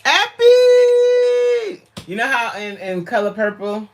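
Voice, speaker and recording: A woman's voice: low-pitched, expressive, unhurried, fairly bright tone. A woman fitness coach chatting on a livestream, reading viewer comments aloud, laughing often, recorded on a tablet mic. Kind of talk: casual livestream chat.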